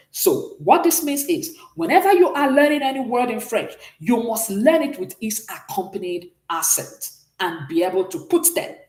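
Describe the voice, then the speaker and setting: A woman's voice: on the low side, a little mellow, roomy sound. A woman teaching a beginners' French class, explaining step by step and often checking that her students follow. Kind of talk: classroom lesson.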